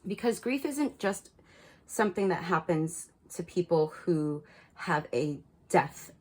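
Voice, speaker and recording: A woman's voice: fairly low pitch, lively intonation, slow pace, poor audio. A woman reading cards and giving frank spiritual advice to her viewers, swearing freely and repeating words for emphasis. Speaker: tarot card reader. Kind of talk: casual spiritual guidance to camera.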